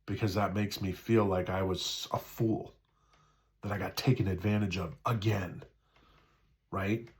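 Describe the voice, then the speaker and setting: A man's voice: deep voice, steady tone, unhurried, pauses often. A man in a casual spiritual talk, speaking conversationally, repeating himself, often asking "right?" and acting out the voices in people's heads. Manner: acts out quoted inner voices.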